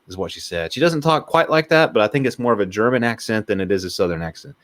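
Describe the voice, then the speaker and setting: A man's voice: on the low side, fast, few pauses. A man co-hosting a podcast, chatting casually about a film, rambling and jokey as he retells scenes. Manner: rambling, jokey, animated storytelling. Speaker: podcast co-host. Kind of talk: casual movie discussion.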